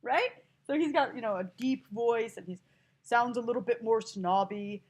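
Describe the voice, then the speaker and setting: A woman teacher giving a listening lesson to language learners, explaining slowly and spelling words out letter by letter. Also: fairly high pitch, darkish tone.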